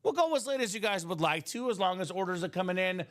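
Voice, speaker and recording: A man hosting a live card-break stream, chatting casually and pitching breaks with lots of filler words. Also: animated, quick pace, a bit bright. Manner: upbeat, chatty, salesy, many "uh" fillers. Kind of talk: casual sales chat on a livestream.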